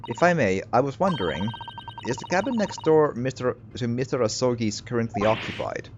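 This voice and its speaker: A man's voice: mid-range voice, a little fast, natural voice. A man voicing a courteous, earnest young male student in a game, speaking formally. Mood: polite. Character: polite young male law student, eager. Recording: slightly muffled, steady hiss behind.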